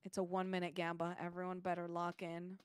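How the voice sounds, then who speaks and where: A woman's voice: fairly low pitch, monotone, quick pace, clear, resonant tone, dry recording. A young woman streaming a game, chatting casually and grumbling playfully about her loot. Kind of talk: casual gaming stream chat.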